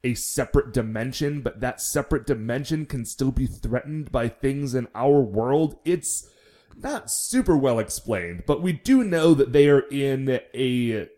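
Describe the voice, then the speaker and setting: A man's voice: mid-range voice, animated, measured pace, mellow. A man co-hosting a podcast, recapping a TV episode in an easygoing, wry casual chat. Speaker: podcast co-host.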